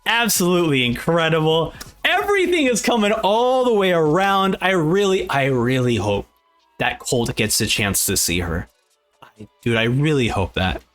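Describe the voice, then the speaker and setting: A young man reacting to a manga as he reads it aloud, excitable and exclaiming often. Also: a little high.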